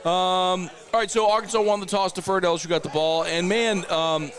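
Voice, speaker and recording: A man's voice: high-pitched, fairly even intonation, fairly quick, over a noisy crowd. A man hosting a postgame sports show from a cigar bar, talking casually and teasing his co-host. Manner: laid-back, teasing, laughs often.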